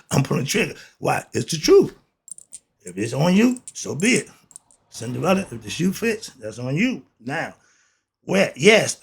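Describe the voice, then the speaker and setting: A man's voice: mid-range voice, vocal fry, breathy edge. A man talking straight to his listeners as a self-styled teacher, preachy and blunt, with street slang and lots of rhetorical questions. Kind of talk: monologue to camera.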